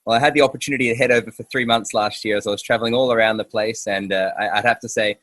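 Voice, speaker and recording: A man's voice: on the low side, steady tone, racing, fairly bright tone, no room sound. A man hosting a casual interview outdoors, talking hesitantly with many fillers and restarts. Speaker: podcast host.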